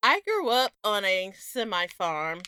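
A woman's voice: mid-range voice, very animated, unhurried, sharp tone, clear, resonant tone. A Southern woman co-hosting a podcast in casual chat, giggly and chatty, with a Southern accent. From American South. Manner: giggly, chatty, laughs often. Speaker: podcast co-host.

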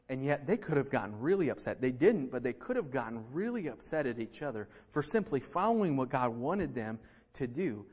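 A male pastor delivering a sermon in a church, acting out heated arguments between people. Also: medium pitch. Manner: animated preaching, acting out heated quotes. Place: church sanctuary.

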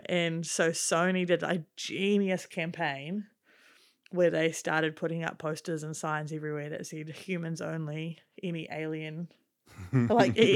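Chatty New woman podcaster. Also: fairly low pitch. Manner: chatty, enthusiastic, lots of fillers. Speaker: podcast co-host. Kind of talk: casual chat.

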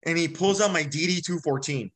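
A man's voice: a little high, a little fast, a bit bright. A man, an army veteran, is a podcast guest telling a personal story candidly and bluntly, acting out the dialogue in a casual way. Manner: blunt and casual, acts out dialogue, says "bro".

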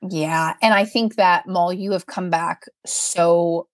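A woman's voice: on the low side, steady tone, slow pace, dry recording, studio quality. A woman co-hosting a podcast, speaking in an effusive, heartfelt way and often restarting her sentences. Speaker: podcast co-host. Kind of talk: casual podcast chat.

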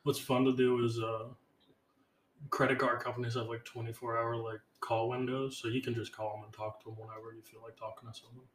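Tired deadpan young man, roomy echo. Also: medium pitch, fairly quick. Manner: deadpan, mumbly, sarcastic. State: tired and run-down. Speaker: podcast co-host. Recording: roomy with faint background noise.

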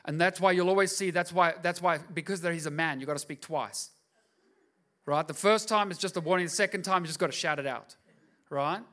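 A man's voice: a little high, a little fast, fairly bright tone. A male pastor preaching a sermon, telling the story casually with slangy, acted-out asides to his congregation.

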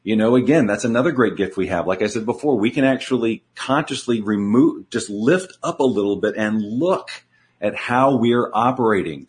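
A man, a guest coach in an interview, explaining his ideas earnestly and repeating key words for emphasis. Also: lowish voice. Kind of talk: conversational interview.

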